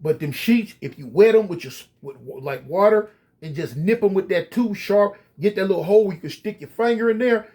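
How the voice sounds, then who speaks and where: A man casually telling a story straight to his viewers, animated and full of slang. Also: high-pitched, fairly quick. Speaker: storyteller recounting prison life.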